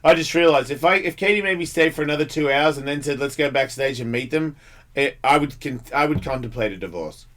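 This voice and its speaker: A man's voice: on the high side, a little fast, a bit bright. A man hosting a radio talk show, bantering casually, blunt and jokey, rambling and swearing freely. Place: radio studio.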